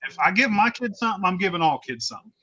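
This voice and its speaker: A man's voice: high-pitched, animated, racing, highs cut off, noisy background. A man, the host, telling a story in a casual chat, blunt and profane.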